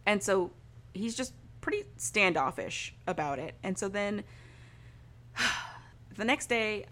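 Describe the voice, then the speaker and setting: A woman's voice: mid-range voice, expressive, takes it slowly, bright, forceful tone. A young woman in casual chat, retelling a story in a chatty, filler-heavy way and acting out the lines of the people in it. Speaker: podcast co-host recapping a story.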